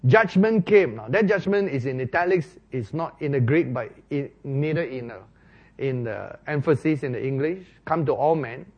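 A man preaching a sermon, explaining Bible verses slowly and stressing key words, often asking the listeners questions. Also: mid-range voice, expressive, lo-fi sound. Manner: slow, emphatic, rising to loud stresses on key words.

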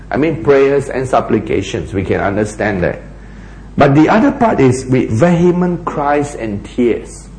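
A man preaching a sermon, asking rhetorical questions and dropping to a hushed voice for emphasis. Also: medium pitch, roomy sound, slight background noise, poor audio.

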